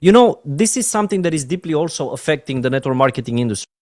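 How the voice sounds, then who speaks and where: A man's voice: fairly high pitch, animated, quick pace, dry recording, clean studio sound. Earnest Romanian-accented man coaching with feeling. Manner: earnest, emotional, repeats "my friends" softly. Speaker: network marketing trainer. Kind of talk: motivational training talk.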